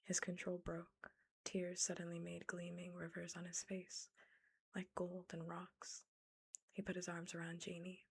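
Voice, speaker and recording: A woman giving whispered ASMR storytelling, reading a novel aloud and breaking off into animated, incredulous asides. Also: on the low side, a little slow, creaky, breathy edge. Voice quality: unvoiced whisper. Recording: close mic, ASMR setup.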